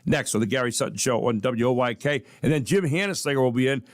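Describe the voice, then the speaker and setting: A man's voice: mid-range voice, fast, dry recording, studio quality. A man hosting a local talk radio show, upbeat and folksy, rambling through ad reads with plenty of fillers. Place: radio studio in a downtown city.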